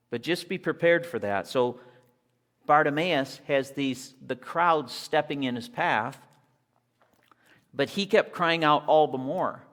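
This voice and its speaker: Animated male preacher in an echoey hall. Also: mid-range voice. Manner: animated storytelling, acts out scenes. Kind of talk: sermon.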